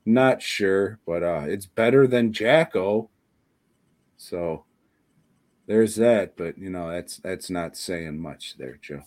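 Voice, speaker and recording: Speaking slowly in a low, slightly mellow voice, a man co-hosts a horror podcast. The casual chat is profane and rambling, full of laughter.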